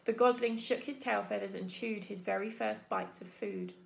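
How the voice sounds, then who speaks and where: A woman teacher reading a children's book aloud in an expressive storytelling manner. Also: mid-range voice, normal speed, creaky. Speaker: primary school teacher.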